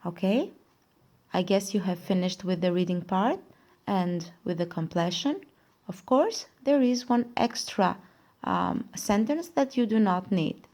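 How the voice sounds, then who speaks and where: Slow, mellow-voiced woman teacher. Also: mid-range voice. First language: Albanian. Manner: slow, careful explaining, asks and answers her own questions. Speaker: English teacher. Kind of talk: recorded classroom lesson.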